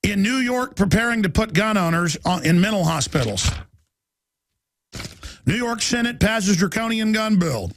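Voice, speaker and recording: A man hosting a radio show, delivering an urgent, agitated monologue, rapidly reading headlines aloud and rising to shouts. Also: sits high, expressive. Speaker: radio host.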